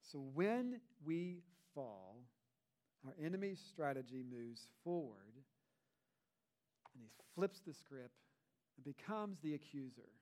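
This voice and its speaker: A man's voice: a little high, very animated, slow pace, long pauses, darkish tone. A man, a pastor, preaching a sermon in a conversational way, with rhetorical asides to the congregation.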